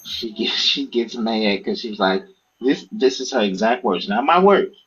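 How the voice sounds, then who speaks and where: A man, an author and podcast guest, telling stories in a casual, profane, animated way and acting out what others said. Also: on the low side, unhurried, breathy edge, dull audio. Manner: animated, profane, acts out quoted speech. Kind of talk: casual storytelling interview.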